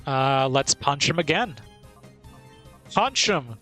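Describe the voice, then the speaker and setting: A man's voice: a little high, animated, slow pace, pushed and bright, soft background music. A man streaming a video game, chatting casually and playfully and laughing often. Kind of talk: casual gameplay commentary.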